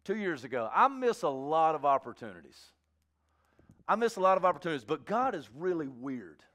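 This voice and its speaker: A man's voice: on the high side, big pitch swings, fairly quick, a bit bright. A middle-aged man preaching a sermon, moving between fervent exhortation and chatty storytelling with acted-out asides. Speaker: pastor.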